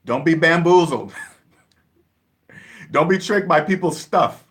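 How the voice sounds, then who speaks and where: Man, emphatic repetitive lecturer, casual vlog delivery, slightly raised pitch. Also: lively intonation, slow, a bit bright. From Seattle area, USA. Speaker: personal finance vlogger. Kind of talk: casual monologue to camera.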